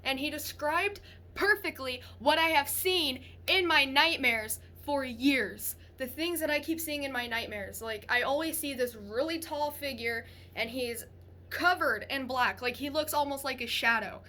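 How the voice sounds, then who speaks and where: High, bright young woman telling a scary story. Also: a little slow. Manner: rambling, frightened, swears casually. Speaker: storyteller sharing a paranormal experience. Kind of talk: casual storytelling.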